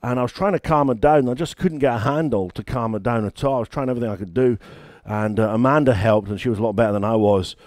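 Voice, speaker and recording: A man's voice: medium pitch, fast, hardly any pauses, a little mellow, no echo, clean studio sound. A British man, a church founder and pastor, preaching a sermon in a conversational, emphatic way with stories.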